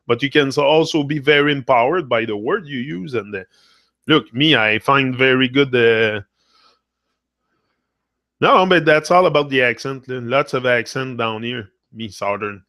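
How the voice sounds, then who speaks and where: A man's voice: mid-range voice, measured pace, sharp tone, no echo, clean studio sound. A man from Quebec, a native French speaker with a Quebec French accent, hosting a live stream in casual motivational chat, rambling and drifting between English and French.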